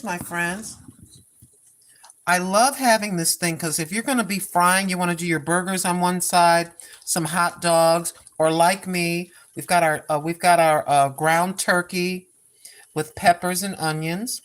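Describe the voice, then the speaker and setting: A woman's voice: fairly low pitch, fairly even intonation, measured pace. An older woman chatting through a cooking live stream in her home kitchen, rambling and repeating herself in a folksy way. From Oregon, US.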